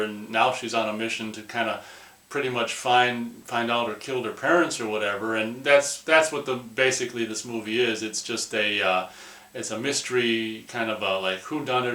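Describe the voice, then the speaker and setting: Rambling man reviewing a film, bright voice. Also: mid-range voice, roomy sound, rough recording. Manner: rambling, loose, peppered with "or whatever". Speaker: movie reviewer.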